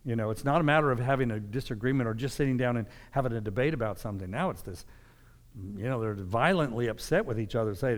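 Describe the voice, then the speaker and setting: A man's voice: mid-range voice, animated, quick pace. A man giving a sermon, reading scripture and explaining it in a conversational preaching manner. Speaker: pastor. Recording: long hall reverb.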